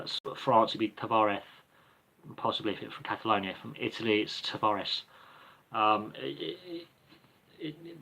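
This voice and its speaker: A man's voice: lowish voice, gravelly, sharp tone. A man hosting a livestream Q&A, answering viewer questions off the cuff in a rambling, hesitant way with many ums and restarts. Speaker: livestream Q&A host.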